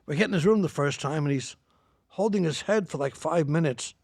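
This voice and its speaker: A male comedian and actor telling animated showbiz stories on a podcast and acting out the people in them. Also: on the high side, a little fast, gravelly, no room sound, clean studio sound. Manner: animated storyteller who acts out the people in his stories. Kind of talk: casual storytelling on a podcast.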